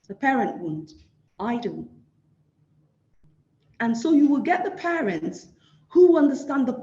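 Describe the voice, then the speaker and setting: A woman's voice: on the high side, warm tone, roomy sound, lo-fi sound. A woman with a Nigerian accent giving an award lecture, emphatic and repeating phrases for stress.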